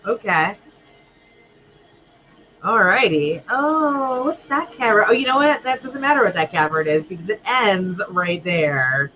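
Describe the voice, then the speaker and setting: A woman's voice: mid-range voice, expressive, unhurried, bright, forceful tone, highs cut off, a little hiss or hum. A woman rambling and chatting to herself as she plays through a game. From United States. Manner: rambling and chatty, talks to herself while playing. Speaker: gamer playing through a game. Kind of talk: let's play commentary.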